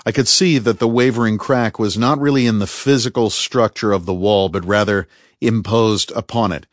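A man reading a first-person story aloud in a measured, tense storytelling manner, close to the microphone. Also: fairly low pitch, no echo. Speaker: audiobook narrator. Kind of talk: first-person fiction narration.

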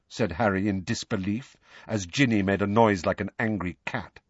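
A man reading a novel aloud as audiobook narrator, with measured storytelling. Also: lowish voice, breathy edge, no echo, lo-fi sound. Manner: measured storytelling, lively inflection. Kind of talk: scripted narration.

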